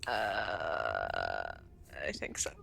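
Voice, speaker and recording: A woman's voice: extremely low pitch, huge pitch swings, extremely slow, creaky, fairly bright tone. A woman taking part as a player in a tabletop game, talking in a playful, hesitant way with many fillers. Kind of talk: tabletop role-play.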